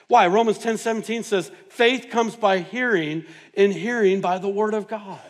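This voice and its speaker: A male pastor preaching a sermon in a church, mixing stories and humorous asides, his delivery swinging from hushed to loud and emphatic. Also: high-pitched, normal speed, few pauses. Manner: humorous, self-mocking asides. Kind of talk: sermon with personal storytelling. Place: church sanctuary.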